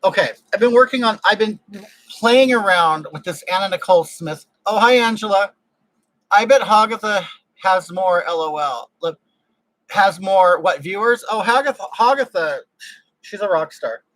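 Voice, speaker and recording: A man's voice: sits high, lively intonation, moderate pace, fairly bright tone, no room sound, poor audio. A man hosting a casual livestream from his home, chatting in a gushing, exclamatory way with viewers into a desk microphone. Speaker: livestream host. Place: home room with air conditioning.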